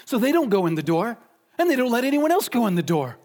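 A man preaching a sermon emphatically, asking rhetorical questions and slowing down to stress key points. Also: extremely high pitch, big pitch swings, darkish tone.

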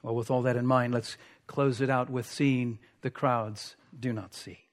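A man's voice: medium pitch, fairly even intonation, unhurried. A man preaching a sermon, explaining a text closely with rhetorical asides. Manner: expository, dwells on words, rhetorical asides.

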